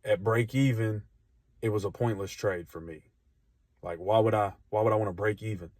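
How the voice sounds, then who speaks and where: A man's voice: fairly low pitch, fairly even intonation, normal speed, darkish tone, no room sound, clean studio sound. A man speaking candidly in a casual vlog about his own trading, often restarting his sentences. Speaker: trader documenting his journey.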